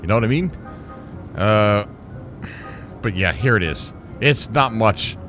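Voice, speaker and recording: Man, gaming host, excitable, rambling, laughs a lot, casual gameplay commentary, soft music underneath. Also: on the low side, slow pace.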